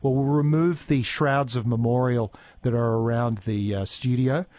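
An Australian radio host runs a regional morning show from a studio, reading out listener texts and chatting casually through his links. His mid-range, darkish voice has fairly even intonation and a moderate pace, full of fillers and stumbling restarts. The studio microphone picks him up with no echo.

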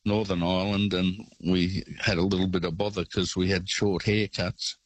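Deep-voiced older Australian caller. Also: male voice, level tone, normal speed, no room sound, rough recording. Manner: rambling storyteller. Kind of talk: phone-in anecdote.

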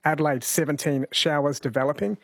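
A man's voice: on the high side, fairly quick, gravelly, dry recording, studio quality. A man hosting a talk radio show, chatting about listener texts, reading a forecast and running a phone quiz. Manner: chatty, reads out texts and forecasts, gently coaxes callers. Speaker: radio host. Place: radio studio. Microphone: studio microphone.

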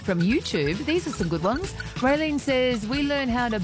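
Lively Australian woman hosting a radio quiz. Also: high voice, moderate pace, over music. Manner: chatty, laughs often, teasing. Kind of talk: casual radio phone-in quiz.

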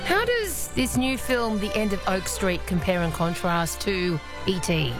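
An Australian woman hosting an evening radio interview, asking questions in a lively, expressive way. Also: medium pitch, unhurried, over loud music. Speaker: radio host. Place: radio studio.

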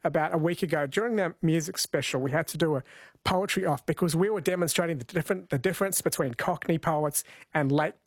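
A man hosting an overnight radio show, relaxed and playful with his co-host. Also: fairly high pitch, fast, dry recording, clean studio sound.

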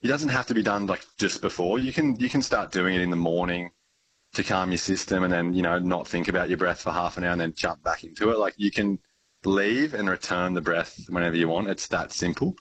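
Deep-voiced calm man. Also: fairly quick, slight background noise, poor audio. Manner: calm, easygoing, with many fillers. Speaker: breathwork teacher. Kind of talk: conversational explanation.

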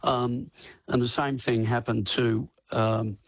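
An older man rambles through his stories in a radio interview, peppering them with "you know" and slipping into quoted voices. His tone is husky. The sound is close and dry, with no room around it. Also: mid-range voice, level tone, slow, no echo, rough recording. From Australia. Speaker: guest musician.

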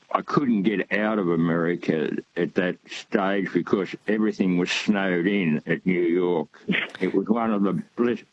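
A man's voice: deep voice, no room sound, lo-fi sound. An older man calling in to a radio show, talking in a rambling, hesitant way with many fillers. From Australia. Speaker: caller. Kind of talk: phone-in call.

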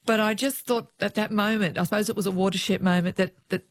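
A middle-aged woman with an Australian accent, a former police officer telling lively stories in an interview and quoting what others said. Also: mid-range voice, brisk, no room sound. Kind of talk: interview storytelling.

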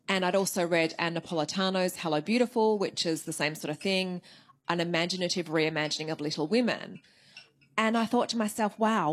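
Novelist lady being interviewed, lower voice, chatty and thoughtful. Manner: thoughtful, conversational storytelling. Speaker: novelist guest. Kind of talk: interview answers.

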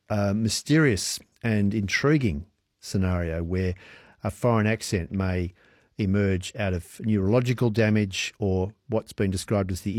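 Male radio host, lowish voice, hesitant, filler-heavy questioning. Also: a little mellow, no room sound, clean studio sound. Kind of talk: radio interview.

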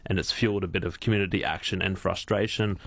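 Australian co-host reading news, low voice. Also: male voice, fairly even intonation, fast talker, creaky, fairly bright tone, no echo. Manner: stumbles and laughs while reading, easily distracted. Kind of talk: reading news with casual banter.

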